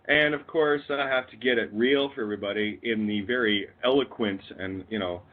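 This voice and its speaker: Heard through a tinny phone line, this man's voice is on the low side and a little fast. He speaks with a Canadian accent as a call-in radio guest, swearing and rambling through a rant with bursts of laughter.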